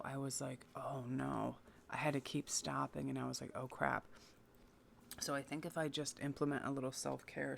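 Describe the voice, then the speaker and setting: A woman's voice: very deep voice, creaky, slight background noise. A woman giving a casual tarot reading to her viewers, chatty, enthusiastic and encouraging. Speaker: tarot reader.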